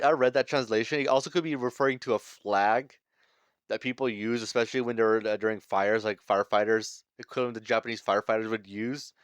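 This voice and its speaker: Smooth-voiced man recapping a manga chapter casually. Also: mid-range voice, no room sound, studio quality. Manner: rambling, chuckling, filler-heavy. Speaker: manga reviewer.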